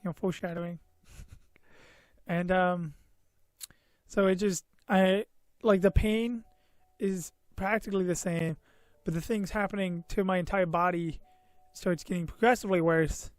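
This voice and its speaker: A man's voice: high voice, steady tone, measured pace, no room sound. A man telling a personal story on his vlog, tired and a bit loopy, meandering with lots of fillers and self-mocking asides. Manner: meandering, full of "you know" and "uh", self-mocking. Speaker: vlogger. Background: faint background music.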